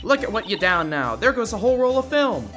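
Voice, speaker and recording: Brash Southern gal, played by a woman streamer, loud folksy drawl, sassy, high-pitched, game music underneath. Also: sing-song, a little fast, natural voice. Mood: scolding. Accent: American Southern drawl, put on.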